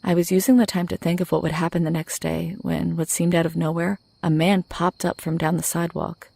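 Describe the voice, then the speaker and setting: A woman reads a horror story briskly in a low, flat, gravelly voice. Her scripted delivery stays steady, and the close, dry recording has no room sound.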